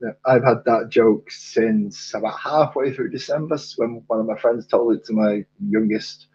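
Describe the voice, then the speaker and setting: A middle-aged man hosts a loose, joking chat with a husky edge to his voice. The sound is dull and lo-fi. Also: medium pitch, normal speed, a little mellow. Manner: joking, bantering storyteller. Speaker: host. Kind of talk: casual chat.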